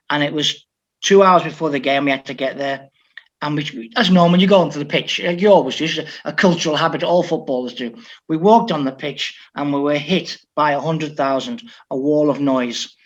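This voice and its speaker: Older guy from liverpool telling coaching stories, kinda high voice, audio a bit muffled. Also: normal speed. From Liverpool, England. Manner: animated, anecdotal, frequent restarts. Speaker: football coach, guest. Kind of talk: storytelling interview talk. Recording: dull lo-fi audio.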